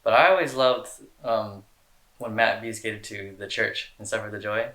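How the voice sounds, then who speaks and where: A man's voice: lowish voice, fairly even intonation, moderate pace, bright, forceful tone, echoey room. A young man answering fan questions in a casual, rambling chat, full of slang and fillers. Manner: laid-back, rambling, slangy with lots of "dude" and "like".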